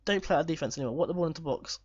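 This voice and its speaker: A man commentating live on his football management game, excitable and swearing when chances are missed. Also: on the high side, racing, breathy edge, no echo, muffled recording. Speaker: gaming YouTuber.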